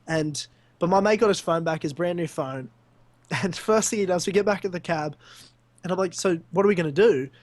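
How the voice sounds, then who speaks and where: Young Australian man, high voice, animated storyteller, dry close sound; podcast co-host spinning anecdotes. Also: normal speed, dry recording. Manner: animated storyteller, laughs often. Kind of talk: casual storytelling chat.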